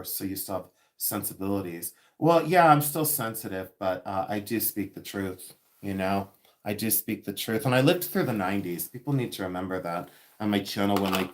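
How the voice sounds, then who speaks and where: A man in his fifties from Ohio, hosting a rambling, chatty livestream and talking with viewers. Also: lowish voice. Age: 50s. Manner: chatty and rambling, laughs often. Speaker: livestream host selling vintage jewelry. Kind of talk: casual live chat with viewers.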